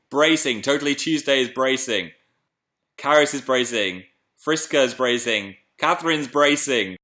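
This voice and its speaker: A young British man chatting excitedly on a live stream and reading viewer messages aloud. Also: lowish voice, normal speed. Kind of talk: casual live stream chat.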